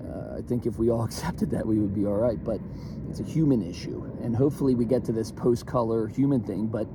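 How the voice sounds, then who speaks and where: A young man from Philadelphia ranting casually, profane and animated, with lots of fillers and restarts. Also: fairly low pitch, brisk, background noise. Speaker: vlogger. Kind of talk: casual rant to camera.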